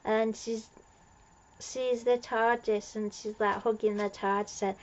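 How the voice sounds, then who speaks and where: A woman's voice: a little high, flat delivery, unhurried, dull audio. A woman recapping an episode as a fan reviewer, gushing and rambling with lots of fillers and restarts.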